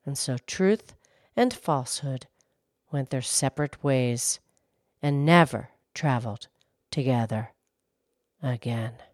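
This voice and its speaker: A woman reading folk tales aloud in an expressive, measured storytelling manner. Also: rumbling low, no room sound, clean studio sound.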